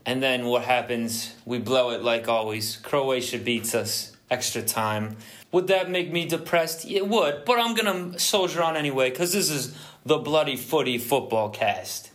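A man's voice: mid-range voice, lively intonation, a little slow, a bit bright. A man hosting a comedy podcast as a blustering English football fan in a put-on English accent. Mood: blustery. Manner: blustery, mock-dramatic. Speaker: podcast host.

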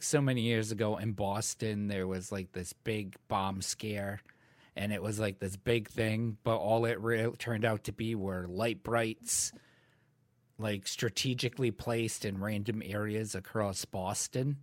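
A man's voice: on the low side, unhurried, a bit bright, no room sound, studio quality. A man co-hosting a podcast, telling stories in a rambling casual way with lots of fillers and frequent laughs. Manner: rambling storyteller, laughs often, many fillers. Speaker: podcast co-host. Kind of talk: casual chat.

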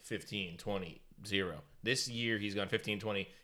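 A man co-hosting a casual fantasy football chat, excitable and self-mocking. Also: on the low side, moderate pace. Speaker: podcast co-host.

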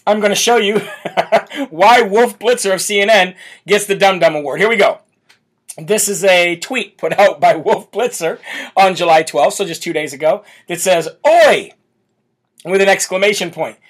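A man's voice: high-pitched, normal speed. A man hosting a live political commentary show, brash and mocking, reading viewer comments aloud between rants. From United States. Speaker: political talk show host.

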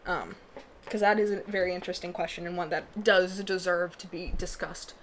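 A woman's voice: fairly low pitch, steady tone, moderate pace, a little hiss or hum. Rambling young woman podcast host. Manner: rambling, self-interrupting, laughs often. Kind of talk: casual solo podcast chat. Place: small booth.

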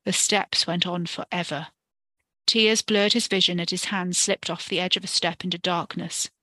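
A woman reading a story for a podcast in a steady, expressive way. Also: lowish voice, normal speed, no echo. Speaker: podcast narrator.

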